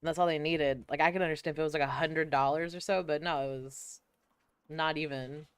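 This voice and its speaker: A man's voice: a little high, steady tone, a little fast, clean tone, no echo. A young man from the United States chatting casually on a stream, rambling through stories and swearing a lot. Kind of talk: casual chat.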